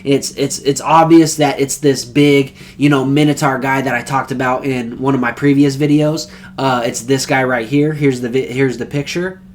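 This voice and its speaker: A young man casually recapping an anime episode, rambling and excited, with slang and swearing. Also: medium pitch, normal speed, hardly any pauses. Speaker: anime reviewer.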